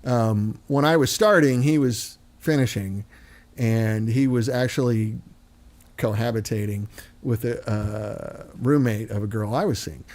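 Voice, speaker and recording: A man's voice: fairly low pitch, measured pace, a little mellow. A man from Missouri with an American accent, a chatty host who tells stories and acts out other people's voices. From Missouri, United States. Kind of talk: casual chat.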